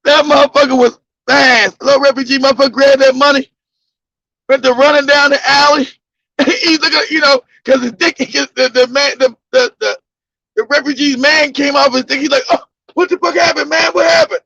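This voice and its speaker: A man telling a crude story in loud, casual, profane talk, laughing and breaking into shouts. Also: very high voice, little pitch movement, moderate pace, no echo. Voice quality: gravelly. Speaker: podcast host telling a story. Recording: dull lo-fi dry sound.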